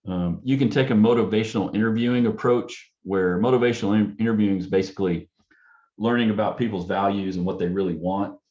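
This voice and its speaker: Low-voiced man, counselor talking through techniques. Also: brisk, highs cut off. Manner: acts out client and parent dialogue in a softer, curious tone. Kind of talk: casual panel talk.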